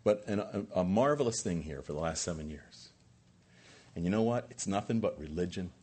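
A man's voice: sits low, animated, brisk, dark tone, slightly rough. A man in his sixties, a pastor preaching an earnest sermon and building emphasis through repeated phrases.

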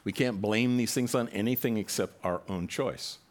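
A man's voice: fairly low pitch, moderate pace. A man preaching a sermon to his congregation in a conversational way, now and then acting out quoted voices with rising animation. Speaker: pastor.

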